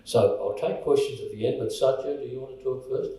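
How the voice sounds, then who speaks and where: A man's voice: medium pitch, steady tone, brisk, dark tone. An Australian man giving a joking, story-filled speech at a college event. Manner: jokey, storytelling. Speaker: college representative. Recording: echoey hall from far off.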